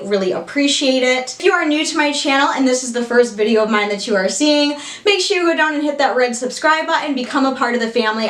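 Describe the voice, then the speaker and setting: A young woman vlogger showing off her clothing haul, gushing and excitable and swearing casually. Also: on the high side. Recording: echoey room.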